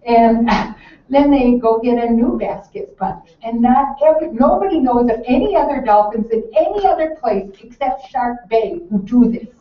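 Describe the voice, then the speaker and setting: A woman's voice: a little high, normal speed. Gushing woman presenter in an echoey hall. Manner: animated, gushing, laughs often. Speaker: presenter recommending children's books. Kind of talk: enthusiastic book talk to an audience. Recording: echoey hall from far off, dull lo-fi.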